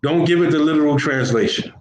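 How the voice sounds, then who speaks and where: A man's voice: fairly high pitch, fast. Man, religious teacher, casual lesson, repeats himself, slangy, echoey room, faint hiss. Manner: conversational, repeats phrases, everyday slang. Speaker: Islamic teacher. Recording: roomy echo with faint background hiss.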